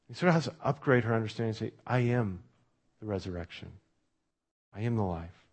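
A man's voice: on the low side, lively intonation, a little fast, long pauses, slightly rough. Conversational man preaching a sermon. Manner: conversational preaching, drops to a hush on quoted words. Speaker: pastor.

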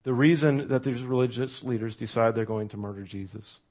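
A man preaching a sermon, talking through a scripture story in a conversational way and dropping to a hush when he quotes. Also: mid-range voice, a little fast. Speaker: pastor.

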